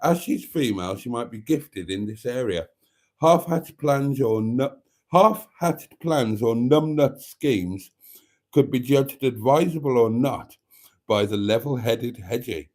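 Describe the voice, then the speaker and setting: A middle-aged man hosts a late-night live stream, reading viewers' comments aloud in a camp, chatty way. His voice is mellow and dark, at an ordinary pitch for a man. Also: lively intonation, a little slow.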